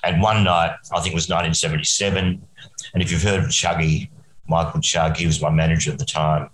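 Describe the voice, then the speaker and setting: A man's voice: extremely low pitch, flat delivery, brisk, fairly bright tone, echoey room, poor audio. An Australian man, a musician guest, rambling through a story and chuckling often. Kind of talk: casual anecdote telling.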